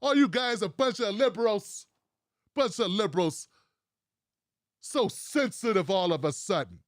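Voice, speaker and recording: A man's voice: sits high, animated, unhurried, dry recording, studio quality. A man mimicking a brash, crude old-school male boss who keeps asking what's wrong in mock innocence. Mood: mock-innocent.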